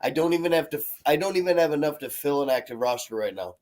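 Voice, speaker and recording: A man's voice: expressive, fast talker, darkish tone. A man co-hosting a live podcast, teasing and crude in casual banter. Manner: crude, teasing, swings up and down in pitch. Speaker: podcast co-host. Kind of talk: casual live show chat.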